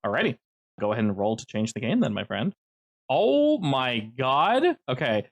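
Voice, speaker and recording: A man's voice: medium pitch, sing-song, moderate pace, gravelly. A man running a tabletop role-playing game as game master, explaining rules and describing scenes with many fillers.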